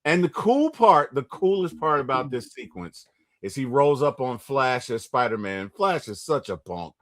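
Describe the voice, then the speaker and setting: A man hosting a casual movie recap chat, retelling scenes with lively bursts and quick impressions. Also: medium pitch. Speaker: movie review podcast host.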